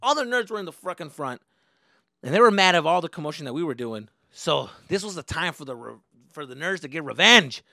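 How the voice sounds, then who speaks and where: A young man hosting a podcast, telling a story in a casual, animated and profane way. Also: on the high side, fairly quick, vocal fry, no room sound, studio quality. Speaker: podcast host.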